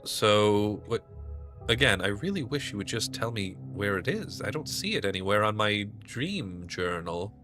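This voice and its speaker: Lower-voiced guy doing a let's play, bright tone, chatty asides. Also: lively intonation, normal speed, soft background music. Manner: chatty, mumbling asides to himself. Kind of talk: casual gameplay commentary.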